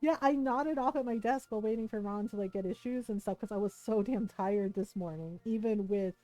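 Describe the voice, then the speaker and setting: A woman's voice: medium pitch, a little fast, dark tone, faint music behind. A middle-aged woman streamer chatting casually while gaming, laughing often and swearing freely.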